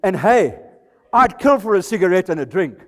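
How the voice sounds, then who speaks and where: A South African man in his sixties gives a comic, self-deprecating talk on stage at a live presentation night. His voice is high and sing-song, moving at normal speed. The recording comes from a reverberant event hall.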